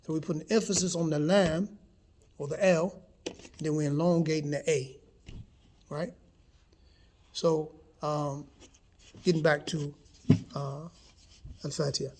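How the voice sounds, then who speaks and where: A man's voice: fairly high pitch, steady tone, a little slow, pauses often, a little mellow, a little hiss or hum. A man giving a casual spoken lesson, explaining patiently and checking in with his listeners as he goes. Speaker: teacher.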